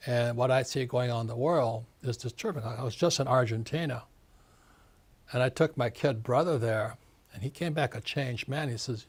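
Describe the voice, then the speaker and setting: An older man in his seventies with a husky voice speaks as an interview guest. His delivery is emphatic and ranting, and he hammers his points home through repetition. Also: medium pitch, moderate pace. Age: 70s. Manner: emphatic, ranting, repeats phrases. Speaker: author and investor guest. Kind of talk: casual interview talk.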